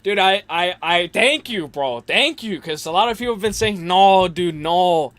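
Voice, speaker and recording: Rambling high-voiced young man. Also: lively intonation, normal speed, bright, forceful tone, no room sound. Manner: rambling and slangy, full of fillers and restarts. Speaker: host. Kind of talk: casual livestream chat.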